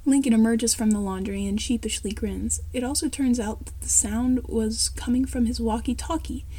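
A woman reading a fan story aloud, saying speaker names and stage directions out loud. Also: on the high side, fairly even intonation, normal speed, breathy edge. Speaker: story reader.

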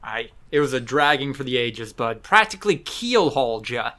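A man's voice: mid-range voice, very animated, normal speed, sharp tone. A man co-hosting a podcast over a video call, chiming in with short, wry quips in casual chat. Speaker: podcast co-host.

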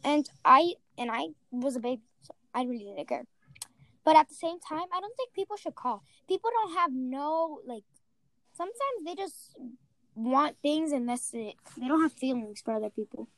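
High-voiced, excitable young woman host. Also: normal speed, no echo. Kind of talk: casual chat over a call.

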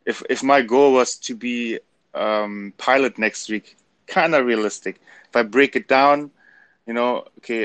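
A man's voice: medium pitch, a bit bright, no echo. Easygoing German-accented man, dry sound. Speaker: co-host. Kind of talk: casual motivational chat.

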